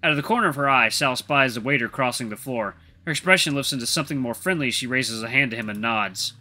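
A man narrating a solo tabletop game, animated and chatty in his asides to viewers. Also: mid-range voice, quick pace, few pauses, faint music behind.

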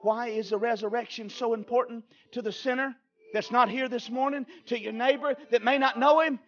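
A male pastor preaching an Easter sermon in a church, fervent and emphatic, swinging from quiet asides to shouted exclamations. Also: extremely high pitch, steady tone, fairly quick, lo-fi sound. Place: church sanctuary.

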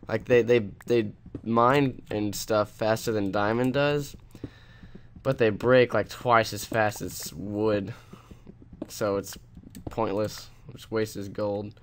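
Slight background noise sits under this young man's lowish, steady voice, which moves at a moderate pace. Commenting on his gameplay as a let's play host, he rambles and rants sarcastically, restarting sentences along the way.

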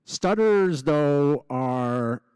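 A man's voice: a little high, animated, very slow, a little mellow, clear, resonant tone, no room sound. A man who stutters openly, with repeated sounds and restarts, gives a personal speech as an honoree before a live audience. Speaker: gala honoree giving a speech.

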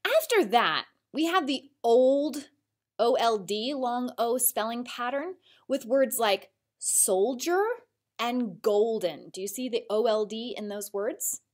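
Slow, lively-voiced woman teacher. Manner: slow, clear, encouraging teacher voice with lively pitch. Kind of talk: recorded spelling lesson for children.

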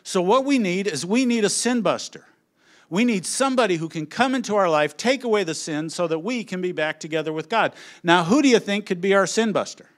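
A middle-aged man speaking on a conference stage, telling family stories as an animated storyteller who acts out his family's lines. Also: sits high. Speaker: conference speaker on children's ministry. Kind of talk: humorous presentation to an audience.

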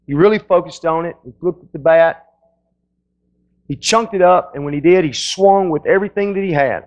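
A man's voice: high-pitched, low-quality recording. A male pastor preaching a sermon in a folksy storytelling way, often restarting his sentences.

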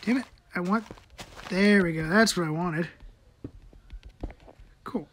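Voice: mid-range voice, slow, fairly bright tone, a little hiss or hum. A person giving casual gameplay commentary, muttering to themselves while building and swearing often.

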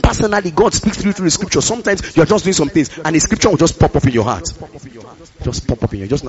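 Male pastor, fairly high voice, rapid emphatic sermon delivery; repeats phrases, calls to the church. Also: animated, dull audio. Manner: emphatic preaching, repeating phrases, calling out to the congregation. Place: church service.

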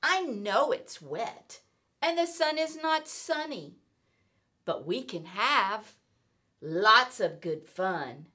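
A grinning show-off of a cat bounces through his boasts in a high, sparkling storybook voice, put on by a woman reading aloud. The melody leaps up and down as he brags. He takes his time over every word. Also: sing-song, slow pace, bright, forceful tone, heavily acted. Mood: boastful. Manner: sing-song, exaggerated storybook delivery. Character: playful mischievous male cat, boastful show-off.

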